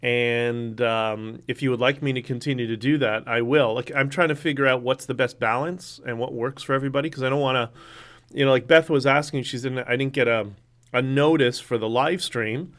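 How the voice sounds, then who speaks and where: A man's voice: medium pitch, steady tone, fairly quick, fairly bright tone. A man hosting a casual solo livestream, rambling through topics and viewer comments with many fillers and restarts. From Canada. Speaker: livestream host.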